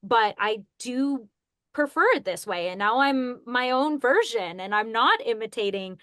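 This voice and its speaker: A chatty young woman guest with a fairly high, bright-sounding voice, talking casually on a podcast. The sound is close and dry, with no room around her. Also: lively intonation, measured pace, no room sound. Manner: chatty and bubbly, laughs at herself. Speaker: guest voice actress.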